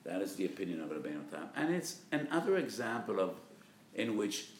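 A man, a rabbi, giving a spirited lecture on religious law, hitting key terms with loud emphasis and acting out quoted speakers. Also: lowish voice, big pitch swings, a little fast, echoey room, a little hiss or hum. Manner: acts out patients and doctors in quoted voices.

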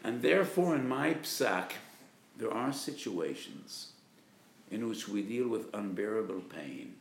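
A man, a rabbi, giving a spirited lecture on religious law, hitting key terms with loud emphasis and acting out quoted speakers. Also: fairly low pitch, animated, measured pace, vocal fry, roomy sound, slight background noise. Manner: acts out patients and doctors in quoted voices.

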